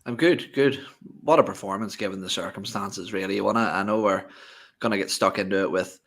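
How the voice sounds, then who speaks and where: A man co-hosting a football fan podcast, talking in long, measured, winding sentences. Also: fairly low pitch, a bit bright. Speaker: podcast co-host. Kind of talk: casual fan show talk.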